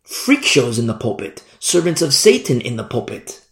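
A man's voice: medium pitch, big pitch swings, normal speed, gravelly, a bit bright, echoey room. A male pastor preaching a fiery sermon and acting out scenes from scripture.

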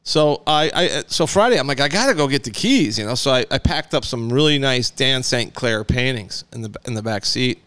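A man's voice: mid-range voice, moderate pace, hardly any pauses, clear, resonant tone, dry recording. A man co-hosting a casual talk show, telling a long rambling story and acting out the voices in it. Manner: rambling, animated, acts out voices in his stories. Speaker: podcast co-host.

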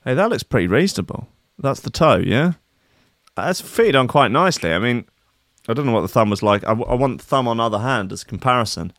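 A man's voice: medium pitch, expressive, a little fast, a bit bright, no room sound, clean studio sound. Sarcastic man riffing on news. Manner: sarcastic, crude, rambling asides with fillers. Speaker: host. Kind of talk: comedic news commentary.

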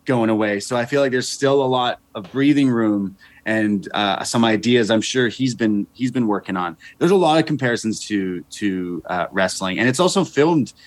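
A man from Canada chatting as a guest, laid-back and quick to laugh and chime in. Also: on the low side, dry recording. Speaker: podcast guest. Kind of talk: casual chat.

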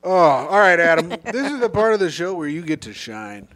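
Teasing, higher-pitched male podcast host. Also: sing-song, moderate pace, a bit bright. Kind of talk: casual comedy chat.

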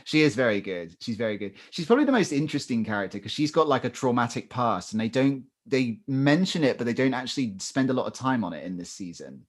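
A man's voice: mid-range voice, big pitch swings, fast talker, few pauses. A man co-hosting a podcast, chatting casually and joking about a TV show. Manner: jokey, chatty, laughs often. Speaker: podcast co-host. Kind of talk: casual chat.

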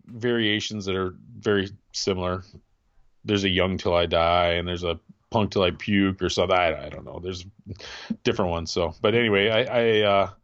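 Here a podcast co-host in his forties chats casually, rambling and frequently trailing off before restarting. His voice is fairly low yet fairly bright, captured in a dry, lo-fi recording.

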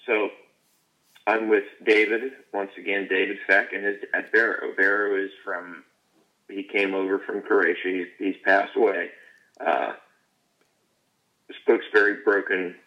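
A man co-hosting a podcast, telling a fishing story in casual chat, halting and restarting sentences. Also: deep voice, level tone, muffled recording. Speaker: podcast co-host.

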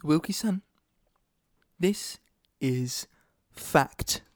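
A man's voice: fairly high pitch, expressive, drawn-out words, a little hiss or hum. A man co-hosting a casual quiz chat, playful and laughing, sometimes tripping over his words. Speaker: podcast co-host. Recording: faint music behind the voices.

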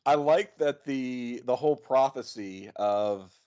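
A man's voice: medium pitch, takes it slowly, darkish tone, smooth. Rambling man, muffled lo-fi audio. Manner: rambling, playful, jokey asides. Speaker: podcast co-host. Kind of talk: casual movie discussion. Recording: dull lo-fi audio.

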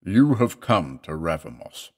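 A man voicing a gigantic male Martian guide who speaks in a slow, booming, cryptic and portentous way. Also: big pitch swings, a little mellow.

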